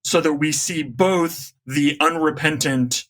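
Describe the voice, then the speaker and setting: Male podcast guest, reflective, measured, bright tone. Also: fairly high pitch. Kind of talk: casual discussion.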